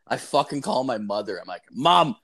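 Male podcast co-host in his thirties, low-pitched, profane and rambling. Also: moderate pace. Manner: profane, rambling, animated storyteller. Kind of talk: casual storytelling chat.

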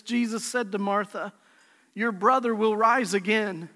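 Pastor, male, high bright voice, passionate sermon delivery, long reverb of a large church hall. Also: fairly even intonation, measured pace. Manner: impassioned preaching, swings from soft to shouting.

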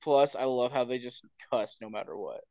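A man's voice: mid-range voice, moderate pace, vocal fry, warm tone, no echo, studio quality. A young man co-hosting a podcast, chatting casually and cracking jokes. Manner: playful, jumps in with jokes. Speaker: podcast co-host. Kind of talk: casual chat among friends.

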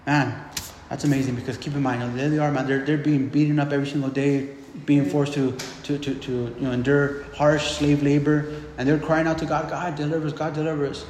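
A man's voice: mid-range voice, little pitch movement, fairly quick, darkish tone, slight background noise. A man preaching a casual, conversational sermon, often repeating words and checking in with "right?". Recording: echoey hall with long reverb.

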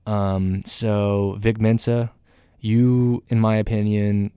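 Male podcast host, low flat delivery, smooth and resonant, rambling casual talk. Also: slow pace, dry recording, clean studio sound. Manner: rambling, filler-heavy, candid opinions. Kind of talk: casual solo music news podcast.

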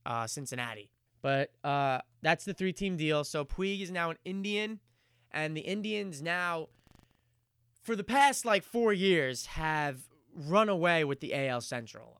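A man's voice: on the high side, a bit bright, clear, resonant tone, no room sound, clean studio sound. A man hosting his own podcast, rambling loosely through casual sports talk with plenty of fillers and the odd curse word. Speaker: podcast host.

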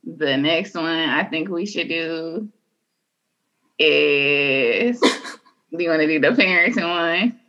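A woman's voice: deep voice, slow pace, pauses often, sharp tone, highs cut off. A woman co-hosting a podcast in casual chat, teasing and laughing as she talks. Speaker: podcast co-host.

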